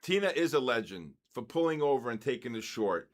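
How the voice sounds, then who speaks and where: Older New trader hosting a live session, rambles and rants between market calls. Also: male voice, medium pitch, sing-song, fairly quick. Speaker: trading session host. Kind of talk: casual live trading commentary.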